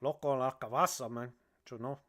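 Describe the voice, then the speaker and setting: A man's voice: mid-range voice, fairly even intonation, moderate pace, a bit bright, close to an everyday voice. A man putting on a brash Cuban gangster with a Cuban Spanish accent, rambling and boastful with constant "man"s. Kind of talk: comedic impression on a livestream.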